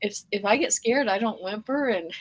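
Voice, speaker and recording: A middle-aged woman telling lively personal stories in a casual group video chat, laughing often. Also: medium pitch, normal speed, dull audio, crowd noise. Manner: animated storyteller, laughs often. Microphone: video call.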